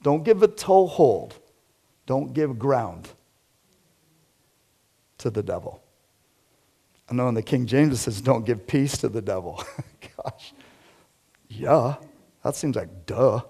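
A man preaching a conversational sermon to a small group, shifting from loud emphatic lines to quiet low asides. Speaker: pastor. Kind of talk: interactive sermon.

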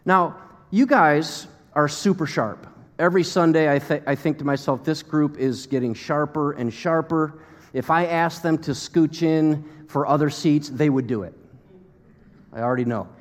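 A man's voice: fairly high pitch, moderate pace, big-room sound. An American man preaching a sermon to a congregation, talking conversationally with fillers and acting out quotes. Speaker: pastor.

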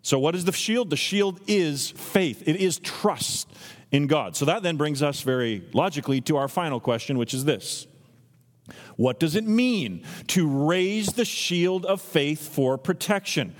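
A man's voice: fairly high pitch, measured pace. Earnest male pastor in a reverberant church. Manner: earnest teaching with lively acted-out quotes. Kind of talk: sermon. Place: church sanctuary. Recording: long reverb from a church hall.

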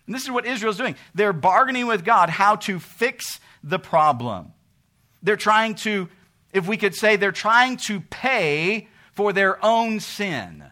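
A man preaching a sermon, asking rhetorical questions and swinging between loud emphasis and quiet asides. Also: high-pitched, expressive, a little slow. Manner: asks rhetorical questions and acts out what people say to God.

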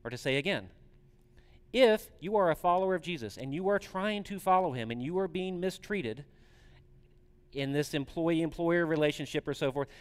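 A man's voice: fairly high pitch, clear, resonant tone. Man preaching a conversational sermon in a reverberant hall. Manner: conversational, asks the congregation questions. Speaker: pastor.

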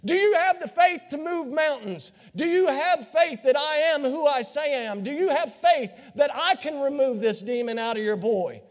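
High-voiced preacher in an echoing hall. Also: male voice, expressive, normal speed, hardly any pauses. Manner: dramatic, acts out voices of Bible figures, swings from hushed to shouting. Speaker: pastor. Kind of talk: sermon. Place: church sanctuary. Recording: long hall reverb.

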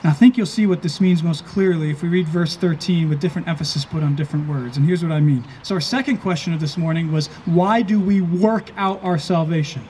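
A pastor preaching an earnest sermon, slowing down and stressing key phrases. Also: male voice, a little high, mellow, slight background noise.

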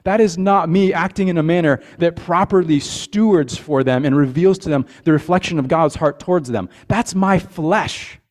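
A man's voice: fairly high pitch, moderate pace, hardly any pauses. Male pastor, earnest sermon delivery, conversational, repeats words, checks in with the congregation.

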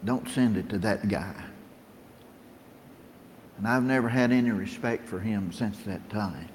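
A man's voice: lowish voice, measured pace, slight background noise. A middle-aged man preaching a sermon in a plain-spoken, storytelling way, lifting his voice when he quotes scripture. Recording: long reverb of a large room.

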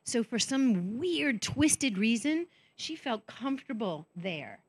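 A woman's voice: fairly high pitch, very animated, slow, breathy edge. A woman speaking at a women's conference. She tells candid, self-mocking stories and acts out the voices of the people she quotes. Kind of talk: conference talk.

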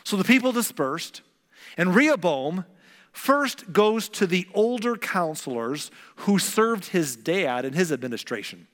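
A man's voice: high voice, unhurried, long reverb tail. A man preaching a sermon, retelling scripture in casual modern words and acting out the people in it. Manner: animated, acts out the characters in casual modern speech. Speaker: pastor.

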